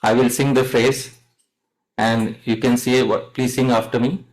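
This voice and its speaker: A man's voice: medium pitch, level tone, measured pace, low-quality recording. A man giving a devotional lecture, often quizzing his listeners and calling them dear devotees, leading chants they repeat. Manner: asks the audience questions, addresses them as dear devotees. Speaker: devotional teacher.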